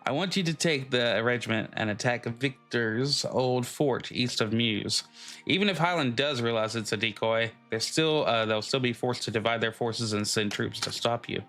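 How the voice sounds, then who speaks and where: A man reading the lines of a calm, scheming male army strategist from a video game aloud, with stumbles and restarts. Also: mid-range voice, moderate pace, soft background music, lightly acted. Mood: measured.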